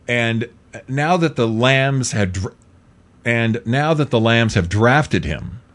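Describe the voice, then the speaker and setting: Emphatic middle-aged man ranting on air. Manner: emphatic, repetitive, swings between loud outbursts and low asides. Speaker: talk show host. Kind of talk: opinionated commentary monologue.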